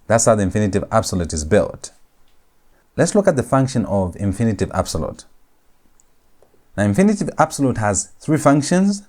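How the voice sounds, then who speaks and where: Slow, deliberate man teaching a lecture. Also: lowish voice, mellow. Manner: slow, deliberate, repeats words for emphasis. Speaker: Hebrew grammar teacher. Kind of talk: recorded lecture.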